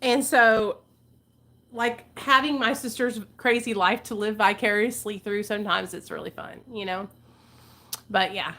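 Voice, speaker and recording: A woman in her forties hosts a casual livestream chat on her channel, candid and rambling, with plenty of swearing. Her mid-range voice is bright and forceful, with fairly even intonation and a measured pace.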